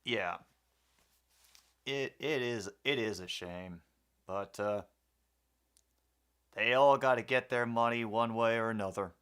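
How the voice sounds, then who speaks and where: A man's voice: medium pitch, slow, pauses often, a bit bright, clean tone. Chatty man calling a game casually. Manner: chatty, rambling, with many fillers and restarts. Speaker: host of a sports commentary stream. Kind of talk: casual play-by-play commentary and viewer chat.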